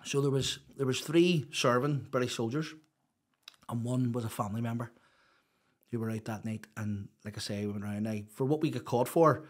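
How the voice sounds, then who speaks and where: Candid man, halting confession. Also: mid-range voice. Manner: raw, confessional, halting with many restarts and fillers. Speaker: podcast guest. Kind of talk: candid personal storytelling.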